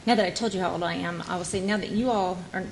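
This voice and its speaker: A woman moderating a conference panel, asking questions in a friendly, halting way. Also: on the low side, steady tone, background noise.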